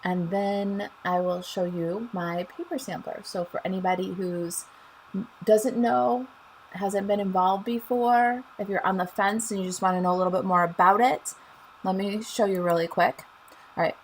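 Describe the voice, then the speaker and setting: A woman's voice: medium pitch, slight background noise, low-quality recording. Chatty Chicago woman hosting a craft stream. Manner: chatty, upbeat, greets viewers and laughs often. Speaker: stamping craft demonstrator and show host. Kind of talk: live-stream craft demo chat.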